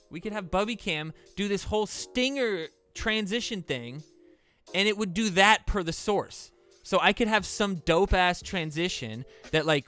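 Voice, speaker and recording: A young man streaming games in casual chat, excitable and profane, often breaking into disbelieving exclamations. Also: sits high, smooth. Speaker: gaming streamer.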